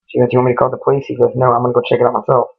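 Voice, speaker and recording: A man tells a ghost story off the cuff, stringing events together and reporting every exchange with "he goes" and "she goes". His voice is gravelly and fairly flat at an ordinary pitch. The recording is thin and phone-like. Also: very fast. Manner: rambling, retells dialogue with frequent "he goes", "she goes". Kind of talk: casual spoken ghost story.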